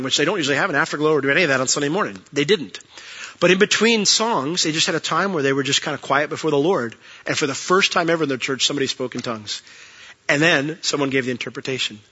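A man's voice: on the high side, pushed and bright, breathy edge, lo-fi sound. A man preaching from a church pulpit, telling personal stories earnestly with frequent restarts and closing in prayer.

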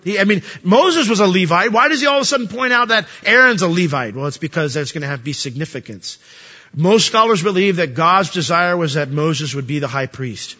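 Animated and forceful, a pastor with a high, bright voice preaches a little fast, keeping things conversational with funny asides and plenty of rhetorical questions. Dull lo-fi sound reverberates through the hall.

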